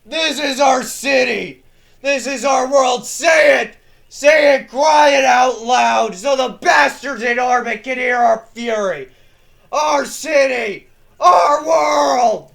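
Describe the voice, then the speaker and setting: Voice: sits high, slow, creaky, fairly bright tone, raised voice, pitched above the performer's own voice, exaggerated voice. A lore reader voicing a zealous armored warrior-priest in a dramatic reading, roaring battle cries with a straining voice. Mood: defiant. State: straining, voice giving out.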